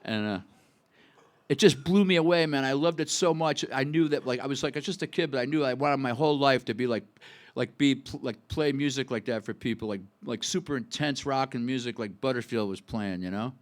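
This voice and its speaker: A man in his sixties spins a loose, chatty anecdote on a club stage, wandering through asides and fillers as he goes. His voice sits at an ordinary middle pitch. He is speaking into a stage mic between songs. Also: a little fast. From Buffalo, New York. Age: 60s. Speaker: singer-songwriter. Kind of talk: onstage storytelling between songs. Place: live music club stage.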